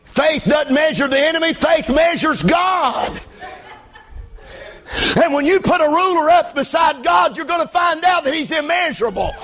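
A man pastor preaching a revival sermon from the pulpit, shouting in a chanting preaching cadence. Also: very high-pitched, moderate pace. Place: church pulpit.

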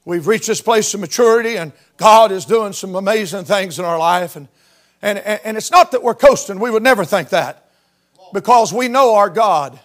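A man in his fifties preaching a sermon with fervent delivery that swells into shouts and whoops. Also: high-pitched, normal speed. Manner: fervent Southern-style preaching, rising to shouts.

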